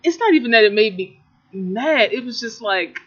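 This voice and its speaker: Bright-voiced young man, profane storyteller. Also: sits high, moderate pace. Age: young adult. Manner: profane, animated storytelling with mocking quoted voices. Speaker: podcast co-host. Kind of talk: casual chat. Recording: dull lo-fi recording.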